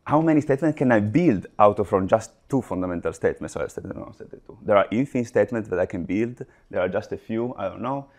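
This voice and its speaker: A man lectures to a room, working through his points slowly and restarting phrases as he goes. His voice sits a little low, and his delivery is halting and patient. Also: lively intonation, darkish tone. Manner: halting, restarts mid-phrase, explains step by step. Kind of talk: live lecture.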